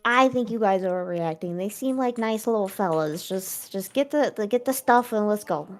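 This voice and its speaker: Lively, chatty female player. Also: mid-range voice, normal speed. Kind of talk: tabletop role-play.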